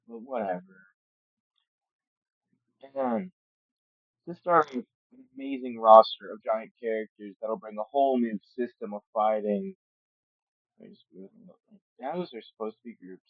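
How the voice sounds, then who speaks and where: A man's voice: on the low side, animated, moderate pace, long pauses, no echo. Tired dude rambling bout his channel late at night, stumbles a lot, jokey tangents, tinny dry mic. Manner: rambling, joking asides, admits stuttering. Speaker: channel host. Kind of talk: casual commentary on a fan game roster.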